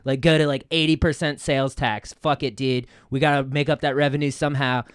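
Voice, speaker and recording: A man's voice: medium pitch, steady tone, a little fast, smooth, dry recording, studio quality. Young male podcast host, loose slangy banter, clean resonant voice. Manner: slangy, swearing, repeats words.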